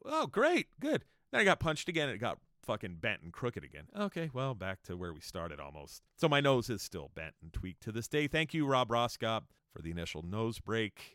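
A man in his fifties from Southern California, telling stories from his youth on a podcast in a casual, excited way, swearing often. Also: dry recording, studio quality. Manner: animated, swearing, jumps high when excited. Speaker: podcast storyteller. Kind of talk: casual storytelling monologue.

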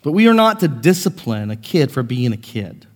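A man preaching a sermon as pastor, earnest, moving between quiet reflection and raised, impassioned passages. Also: mid-range voice, sing-song, moderate pace, big-room sound. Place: church sanctuary.

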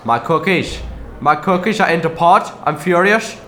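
A man's voice: on the high side, expressive, sharp tone, a little hiss or hum. A man playing a self-pitying, short-tempered Christmas demon in a comedy sketch. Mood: aggrieved. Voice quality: gruff, self-pitying and quick to anger. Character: grumbling male Christmas demon with horns and fangs.

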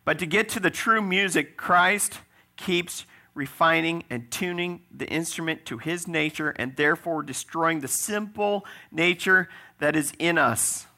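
A man preaching a sermon with a fairly high, bright voice. A gravelly edge runs through his speech as he talks easily with the congregation, tossing in quick "right?" asides. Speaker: pastor.

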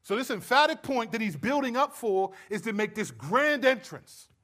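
A man preaching a sermon, stressing points loudly and then dropping to low, quiet asides. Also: sing-song, normal speed. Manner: emphatic, swings between loud stresses and low quiet asides. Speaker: pastor.

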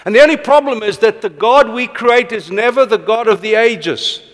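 A middle-aged man preaching a passionate sermon, rushing ahead and then slowing for emphasis. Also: extremely high pitch, fairly bright tone. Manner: passionate, fast-paced with sudden slow emphatic drops. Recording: long reverb of a large hall.

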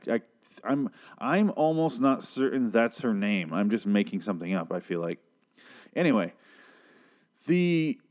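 A man's voice: lowish voice, darkish tone. A young man casually recapping a TV episode in a rambling, profane, sarcastic way. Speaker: TV show reviewer.

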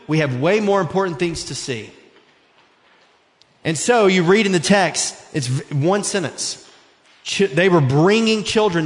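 A man in his thirties preaching an earnest, conversational sermon, his voice sitting a bit higher than most men's. He is heard in a church sanctuary with a long, roomy reverb trailing each phrase. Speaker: pastor. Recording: echoey hall.

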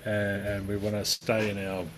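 A man co-hosting a podcast in casual chat, animated and swearing, acting out the voices he quotes. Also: on the low side, moderate pace, noisy background. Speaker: podcast co-host.

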